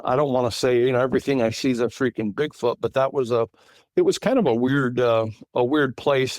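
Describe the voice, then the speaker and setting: A middle-aged Californian man, appearing as a guest witness on a remote call, tells a story about an encounter in a casual interview. His voice is medium-pitched and slightly mellow, with no room sound. He rambles, restarting sentences often and filling gaps with fillers.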